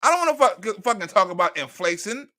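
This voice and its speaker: A man's voice: sits high, big pitch swings, fairly quick, pushed and bright, exaggerated voice. A man putting on a cranky old male president who rambles, curses and stammers through restarts. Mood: ranting.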